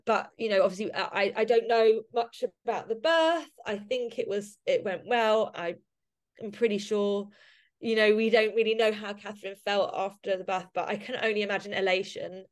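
A woman's voice: mid-range voice, normal speed. Emotional rambling woman guest. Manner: emotional, rambling with many fillers. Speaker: podcast guest, society member. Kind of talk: casual podcast interview.

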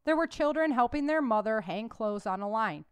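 Smooth-voiced woman author reading her novel. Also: fairly high pitch, expressive, moderate pace, dry recording. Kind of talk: audiobook narration and conversational commentary.

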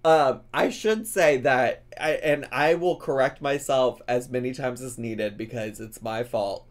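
A man streaming a casual reaction commentary, animated and often incredulous, laughing as he talks. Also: mid-range voice, unhurried.

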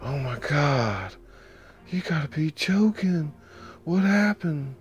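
A man's voice: fairly high pitch, lively intonation, slightly rough, muffled recording, voice pushed up, exaggerated voice. A man doing a rattled, alarmed woman. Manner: quick, alarmed exclamations. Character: anxious grown woman, easily rattled.

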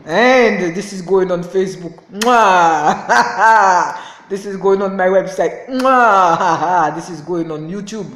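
A woman's voice: lowish voice, moderate pace, echoey room. A woman speaking as a self-styled prophetess in an impassioned, repetitive rant to camera, laughing in anger. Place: indoors, lying on a floor.

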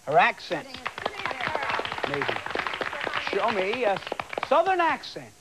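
Lively high-pitched game show host man. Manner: lively, teasing, quick banter with contestants. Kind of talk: television game show hosting. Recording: old broadcast tape with loud audience and noise. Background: loud studio audience.

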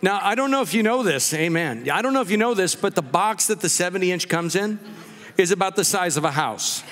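A male pastor preaching a sermon, telling jokey personal stories in a relaxed conversational way. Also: high voice, a little fast, long reverb tail. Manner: conversational storytelling with jokes. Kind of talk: humorous sermon. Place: church sanctuary.

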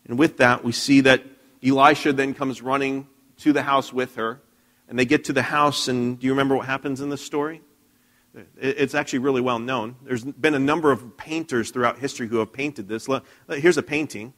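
A man's voice: medium pitch, fairly even intonation, normal speed, fairly bright tone. A man preaching a sermon in a church, telling a Bible story conversationally with frequent restarts and questions to the congregation. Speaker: pastor.

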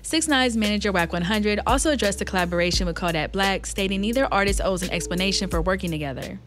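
A woman hosting a news video, reading a scripted voice-over in a brisk, upbeat way. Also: mid-range voice.

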